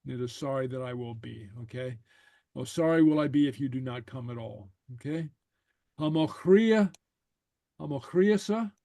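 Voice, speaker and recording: A man's voice: mid-range voice, animated, normal speed, creaky, mellow, dry recording. A man teaching a language class, patiently saying phrases and translating them line by line. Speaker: Gaelic teacher.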